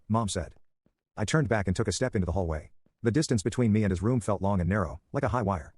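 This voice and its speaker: Male horror story narrator, fast matter-of-fact read, lowish voice, dry close recording. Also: expressive, a little mellow, slightly rough, no room sound. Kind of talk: scripted narration.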